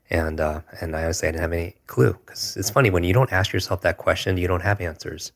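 A man in his forties with an extremely low voice, speaking in a flat, even tone. He tells a personal story earnestly and reflectively as a guest, stopping often to hesitate. His delivery stays steady rather than lively. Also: fast, gravelly, hardly any pauses. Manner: earnest, reflective, with frequent hesitations and filler words.

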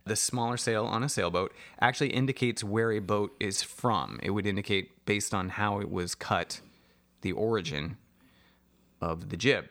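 A man's voice: fairly low pitch, moderate pace, fairly bright tone. A man co-hosting a casual chat, wry and often laughing as he explains things. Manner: wry, laughing, breaks into mock voices.

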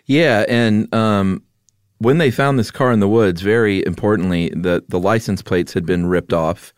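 A man's voice: on the low side, unhurried, no echo. A man co-hosting a podcast, recounting events in casual chat with light humor. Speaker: podcast co-host.

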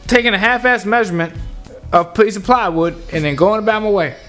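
A man telling a loud, profane work story in casual podcast chat, acting out his coworkers as he goes. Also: high-pitched, fairly quick, faint music behind. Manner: animated storyteller, acts out coworkers, heavy cursing.

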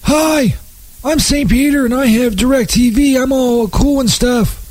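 A man playing a smug Saint Peter in a spoof television ad, with a halting, stammering delivery. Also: extremely high pitch, darkish tone, no room sound, exaggerated voice. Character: smug adult male Saint Peter with DirecTV.

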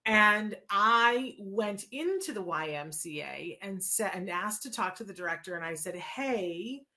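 A middle-aged woman, a guest in an interview, telling a personal story in a lively way, acting out what people said and restarting her sentences. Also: medium pitch, moderate pace. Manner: lively retelling with quoted dialogue and restarts.

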